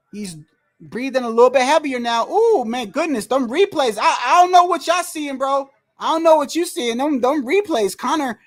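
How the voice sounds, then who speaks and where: Excitable high-pitched fight streamer. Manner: excitable, loud outbursts, frequent slang and cursing; rambling restarts and repeated words. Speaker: livestream host. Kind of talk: casual fight watch-along commentary. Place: indoors at home, wind and street heard outside.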